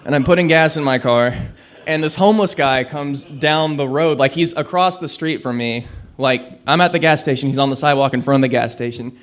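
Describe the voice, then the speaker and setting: A man's voice: mid-range voice, fairly quick. A young man doing a rambling, self-deprecating stand-up set at an open mic, on a handheld mic in a small club. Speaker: stand-up comic.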